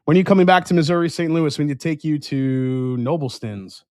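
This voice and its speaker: A man's voice: fairly high pitch, a little fast, darkish tone, no echo. Easygoing man hosting a dry-sounding livestream. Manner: rambling, restarts often, reads chat aloud. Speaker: whiskey review livestream host. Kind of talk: casual livestream chat.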